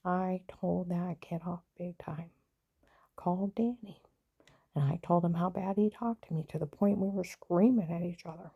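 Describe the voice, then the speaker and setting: A woman's voice: fairly low pitch, fairly even intonation, moderate pace, vocal fry, slightly rough, lo-fi sound. A woman telling a long personal story in a heated, repetitive way, swearing bluntly and often repeating "I said.". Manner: heated, repetitive retelling with frequent "I said". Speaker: vlogger.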